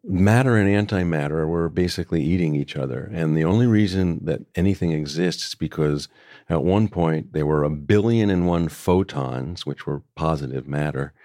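An older man, a book author talking as a guest, speaking in a thoughtful, measured way with frequent restarts. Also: very deep voice, mellow, no room sound, clean studio sound. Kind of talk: reflective conversation.

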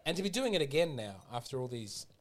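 A man co-hosts a podcast and talks in a thoughtful, searching way. He often trails off before he finishes a sentence. His voice sits at an ordinary middle pitch. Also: big pitch swings, quick pace. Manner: reflective, musing, trails off mid-sentence. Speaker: podcast co-host. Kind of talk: casual chat.

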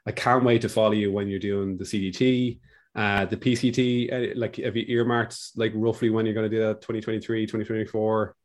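A man's voice: lowish voice, level tone, fairly quick. Enthusiastic man hosting a podcast. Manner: warmly enthusiastic, repeats words while thinking. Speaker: podcast host. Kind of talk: casual interview chat.

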